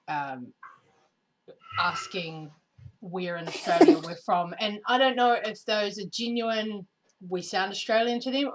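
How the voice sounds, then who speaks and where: A woman's voice: lowish voice, rough recording. A woman with a New Zealand accent co-hosting a casual podcast, talking expressively and with emphasis. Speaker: podcast co-host.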